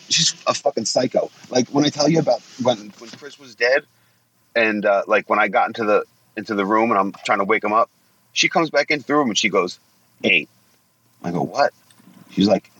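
A man's voice: lowish voice, brisk, fairly bright tone, a little hiss or hum, rough recording. A man in his forties telling stories bluntly, swearing a lot and acting out what people said. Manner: blunt, swears often, acts out quotes. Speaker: guest. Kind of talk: casual profane storytelling.

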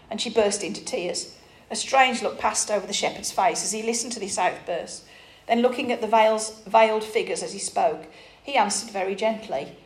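A woman's voice: mid-range voice, moderate pace. A woman preacher reading an allegory aloud expressively with small restarts, then preaching. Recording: roomy echo.

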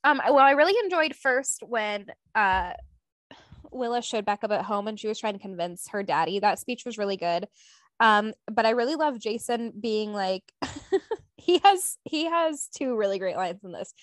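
A woman's voice: on the high side, animated, normal speed, no room sound. A young woman co-hosting a casual podcast, giggly and teasing, often breaking into laughter. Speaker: podcast co-host. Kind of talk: casual chat.

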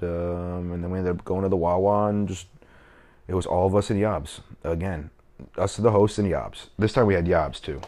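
A man's voice: low-pitched, darkish tone. A man hosting a casual solo podcast from his kitchen, rambling, swearing and joking at his own expense. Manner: profane, rambling, self-mocking. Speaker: comedian and podcast host. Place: home kitchen.

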